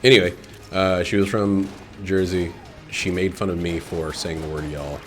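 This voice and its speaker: A man's voice: deep voice, fairly even intonation, moderate pace. A man giving casual, meandering commentary while he plays a video game, swearing freely and trailing off into fillers. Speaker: gameplay commentator. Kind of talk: casual rambling commentary over gameplay.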